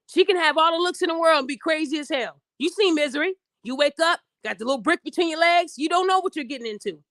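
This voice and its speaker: Podcast host, young woman, AAVE, high voice, blunt and lecturing, dry close sound. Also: a bit bright, no room sound. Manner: blunt, preachy, addresses listeners directly, acts out quoted voices. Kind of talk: opinionated podcast monologue.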